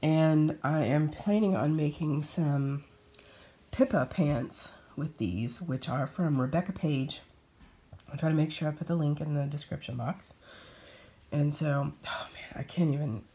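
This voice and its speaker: A woman with a low voice chats to camera as a sewing vlogger. She is hoarse from a cold, and her friendly, rambling delivery is full of fillers and restarts. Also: measured pace, dark tone. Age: adult with children. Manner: chatty, with frequent fillers and restarts. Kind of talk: casual chat to camera.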